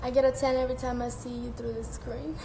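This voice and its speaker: A woman's voice: fairly high pitch, level tone, quick pace, vocal fry, mellow. A teenage girl on a live stream, chatting casually, reading and answering fan comments, laughing often and swearing freely. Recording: echoey room with faint background noise.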